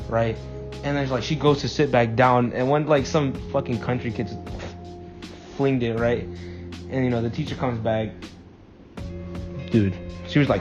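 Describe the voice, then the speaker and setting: A man's voice: mid-range voice, steady tone, moderate pace, long pauses. A young man telling profane, rambling anecdotes in a casual chat with a friend. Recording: dull lo-fi mic, faint music.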